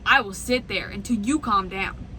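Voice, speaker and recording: A woman truck driver vlogging in an animated, exasperated rant from inside her truck cab. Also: mid-range voice, normal speed, slight background noise, low-quality recording. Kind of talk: casual ranting vlog.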